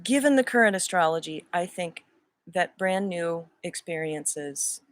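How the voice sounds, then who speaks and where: A woman in her fifties speaks in a low voice with a playful, put-on Irish accent. She muses aloud in a casual spiritual livestream talk, drawing out her phrases. The camera mic sounds dry and close. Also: animated, dry recording. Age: 50s. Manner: playful, musing, drawn-out phrasing. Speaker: host.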